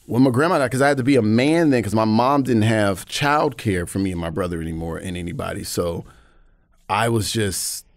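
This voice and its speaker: A man's voice: fairly low pitch, a little fast, dry recording, clean studio sound. An American man, a comedian guest, telling personal stories candidly and acting out other voices. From United States. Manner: animated, acts out voices. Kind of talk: candid storytelling chat.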